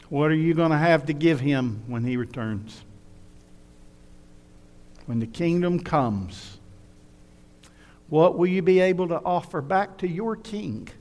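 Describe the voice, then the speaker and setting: A man's voice: a little high, a little mellow, long reverb tail. A man preaching a sermon, asking rhetorical questions earnestly and telling a story. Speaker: pastor.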